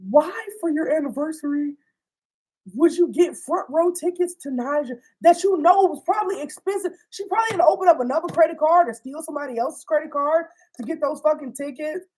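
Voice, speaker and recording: A young woman casually recapping a TV series, animated and slangy, swearing freely and acting out the characters' lines. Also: sits high, fairly quick, low-quality recording. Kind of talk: casual storytime chat.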